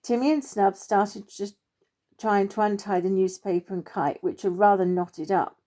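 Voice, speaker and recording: Mellow-voiced woman reading a children's story. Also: medium pitch, moderate pace. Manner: gentle, expressive read-aloud.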